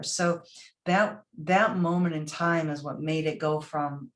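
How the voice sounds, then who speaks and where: A woman guest on a podcast interview, telling a personal story in a lively way and acting out what people said. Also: low voice, takes it slowly. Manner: lively storyteller who acts out quoted voices. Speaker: podcast guest, motivational speaker.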